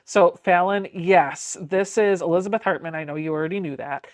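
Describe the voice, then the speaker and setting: A woman's voice: on the low side, normal speed, no echo, studio quality. A woman hosting a quilting livestream, chatting casually as she reads viewer comments aloud and answers them, laughing often. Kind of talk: casual livestream chat while sewing.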